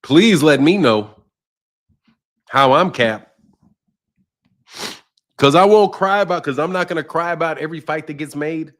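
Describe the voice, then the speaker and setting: With a fairly high, fairly bright voice at normal speed, a man pauses often while talking boxing on a livestream. He keeps things conversational, reading and responding to chat comments by name and often going over the same points again.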